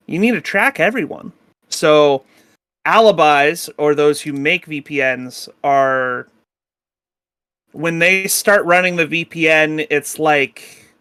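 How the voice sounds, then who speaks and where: A man's voice: fairly high pitch, bright, forceful tone, dry recording. A young man narrating as game master in a tabletop game, casual and rambling, with lots of filler words. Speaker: dungeon master.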